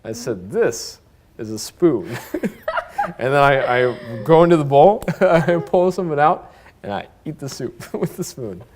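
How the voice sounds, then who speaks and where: A young player in a tabletop game, delivering drawn-out deadpan lines in character. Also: medium pitch. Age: young adult. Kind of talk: playing a tabletop game on radio.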